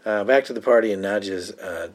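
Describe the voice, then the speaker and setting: A podcast co-host with a lowish voice speaks a little fast as he casually recaps a TV episode. He laughs often while retelling scenes, quoting lines from them.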